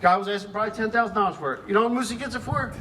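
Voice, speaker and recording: A man's voice: high-pitched, racing, background noise. A man who has been drinking gives a rambling, profane eulogy for a friend, swearing constantly and chuckling through his stories. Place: memorial gathering.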